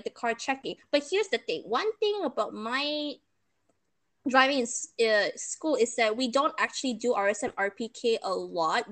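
Young woman, casual chat, animated and laughing, sarcastic, fairly high voice, pitch jumping all over.

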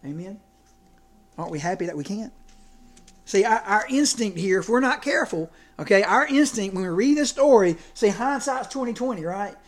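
A man preaching a sermon as pastor, conversational and animated with self-deprecating asides. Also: high-pitched.

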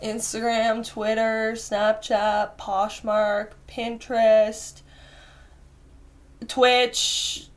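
A woman's voice: on the high side, flat delivery, drawn-out words. A young woman in casual podcast chat, rambling with lots of fillers and casual swearing. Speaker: podcast guest.

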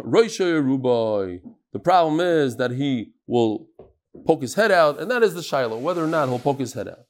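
Lively higher-voiced rabbi teaching Talmud. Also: male voice. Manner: lively, chatty, teasing the audience. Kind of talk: live Talmud class.

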